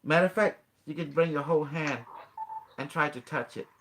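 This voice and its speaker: A man with a slightly bright voice on the high side talks a little fast as he hosts a casual talk, guiding his guest stage by stage with coaxing instruction, frequent laughs and broken, non-native grammar.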